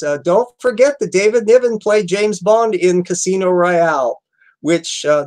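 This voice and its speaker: A man's voice: high voice, poor audio. A man hosting an aftershow, chatting casually and rambling about old films with many fillers and restarts. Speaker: host.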